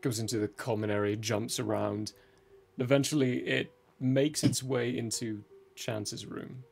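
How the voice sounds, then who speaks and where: Gravelly-voiced man running a tabletop game. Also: mid-range voice, unhurried, soft background music. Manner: relaxed, describes scenes, laughs easily. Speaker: game master.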